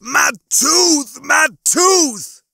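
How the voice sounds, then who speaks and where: A vain, swaggering cat-man, put on by a male reader in a comedy audiobook, taunting in a high sing-song. The voice sits well above a man's usual pitch and swings all over the place, bright and sharp-edged. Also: wildly swooping pitch, slow, gravelly, husky, no room sound, studio quality, heavily acted. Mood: panicked shouting.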